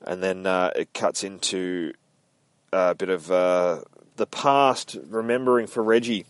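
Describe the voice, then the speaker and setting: A man rambles through a comic book recap in a loose, offhand way and swears often. His voice sits a little low. The recording is dry and close, with no room sound. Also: fairly even intonation, a little slow, clean tone, no echo. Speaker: comic reviewer, podcast host. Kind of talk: casual comic read-through.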